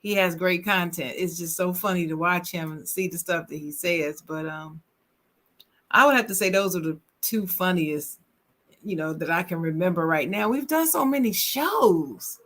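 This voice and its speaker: A podcast co-host in easy, casual conversation, agreeable and quick with shout-outs. The voice sits at an ordinary middle pitch. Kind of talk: casual chat.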